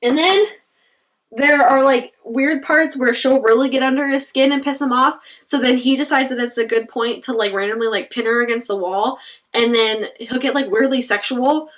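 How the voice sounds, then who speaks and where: A young woman reviewing a book in casual chat, retelling scenes in an animated, exasperated way with lots of "like". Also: sits high, moderate pace, distant mic.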